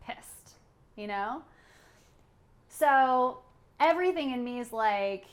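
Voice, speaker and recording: A woman's voice: on the high side, animated, slow, long pauses. A woman co-hosting a parenting podcast, talking casually with many fillers and frequent laughs. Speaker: podcast co-host.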